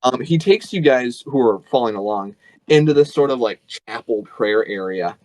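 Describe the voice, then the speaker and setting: A man's voice: medium pitch, animated, moderate pace, darkish tone, no room sound, poor audio. Man, game master, casual, stop-start, dry recording. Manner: casual, many fillers and restarts. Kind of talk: narrating a tabletop game.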